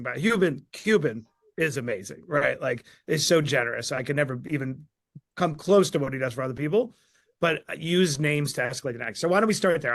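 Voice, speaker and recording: A man speaking as an author guest in a live online Q&A, energetic and emphatic. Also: a little high, gravelly, no echo.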